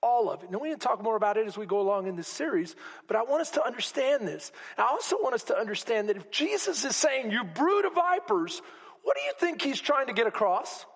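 A man preaching a sermon as pastor to a congregation, swinging between loud exclamations and hushed asides. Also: very high-pitched, big pitch swings, quick pace, few pauses, slightly rough. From Texas. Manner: preaching with rising shouts and sudden quiet drops. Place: church sanctuary. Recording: long hall reverb.

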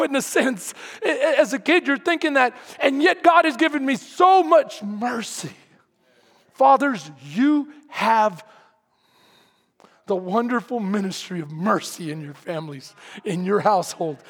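A preacher from San Antonio, Texas, telling a story in a sermon to his congregation, animated and often shouting, then quiet and earnest. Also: very high voice, creaky, slightly rough. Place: large hall, speaking to a congregation. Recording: long hall reverb.

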